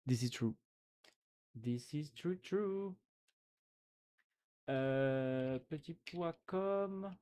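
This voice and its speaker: A man with a French accent chats on his live stream, thinking out loud with plenty of fillers and exclamations. His voice sits a little high, and he talks at an unhurried pace. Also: clean tone. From France. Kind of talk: casual live-stream chat.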